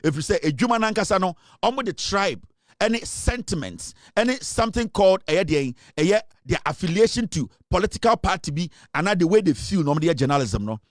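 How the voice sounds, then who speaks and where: A Ghanaian-accented man delivers political commentary with a forceful, emphatic push. His voice sits a little high for a man. The sound is dry and close, with no room behind it. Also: animated, brisk, no room sound. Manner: forceful, emphatic, mixes English and Twi.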